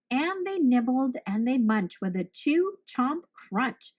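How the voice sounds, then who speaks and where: Slow, expressive woman reading a picture book. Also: high voice. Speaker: teacher reading aloud. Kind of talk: children's picture book read-aloud.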